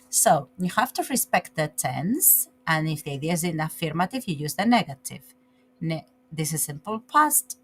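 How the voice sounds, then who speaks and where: Woman teaching English grammar, lower voice. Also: fairly bright tone, slight background noise, low-quality recording. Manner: slow, deliberate, stresses example sentences. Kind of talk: grammar lesson.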